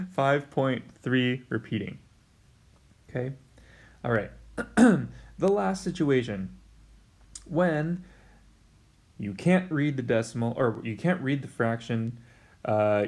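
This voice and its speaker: Talking slowly and expressively with long pauses, a man with a medium-pitched voice teaches math at a whiteboard in a recorded lesson. He keeps things casual and chatty, speaks right to his students, and makes fun of his own slip-ups while working.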